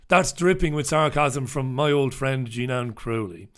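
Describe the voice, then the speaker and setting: A bright, forceful, fairly high male voice, a little slow, carries this live newspaper review from a dark room. It's casual live-stream commentary, delivered sardonically, with headlines read in a mock-dramatic way.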